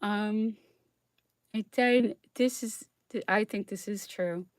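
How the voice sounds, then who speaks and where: A woman speaks slowly in a mid-range voice, clean and echo-free in the studio, while hosting a casual astrology monologue. Chatty and laughing often, she keeps asking her listeners "okay?"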